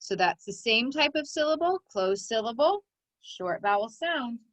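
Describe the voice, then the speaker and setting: A woman's voice: a little high, expressive, unhurried, no echo, poor audio. A woman teaching a recorded phonics lesson to children, giving encouraging step-by-step instructions.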